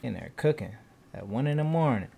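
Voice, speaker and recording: A young man hosting a gaming channel, giving casual let's-play commentary in loose slang with bursts of loud excited shouting. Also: mid-range voice, brisk, creaky, breathy edge, narrow, tinny audio.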